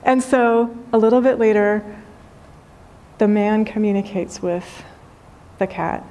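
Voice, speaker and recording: A woman, a spiritual teacher, giving a gentle, unhurried talk with storytelling and soft emphasis. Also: medium pitch. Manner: gentle, unhurried, softly emphatic, with light laughs. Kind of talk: spoken dharma talk with storytelling.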